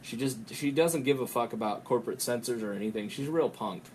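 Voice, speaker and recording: A man hosting a podcast, talking in a rambling, profane way and breaking into quick impressions. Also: mid-range voice, darkish tone, slight background noise. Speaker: podcast host. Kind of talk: casual podcast chat.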